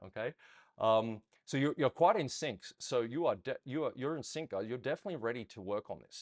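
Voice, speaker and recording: A man teaching ballroom dance in a members' Q and A, explaining patiently, counting steps aloud and checking that his listeners follow. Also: mid-range voice.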